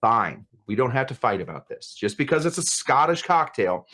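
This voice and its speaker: A man hosts a casual cocktail tutorial and jokes his way through it. He rambles and exaggerates for laughs in a middle-pitched voice. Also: sing-song, moderate pace, pushed and bright. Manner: joking, rambling, playfully exaggerated. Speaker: cocktail show host.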